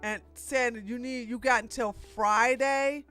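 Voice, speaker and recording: A woman's voice: on the high side, fairly even intonation, a little slow, a bit bright, clean tone, soft background music. A woman hosting a political news livestream, talking loosely with many restarts and asides. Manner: rambling, restarts, talks back to clips. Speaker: podcast host. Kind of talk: casual political commentary livestream.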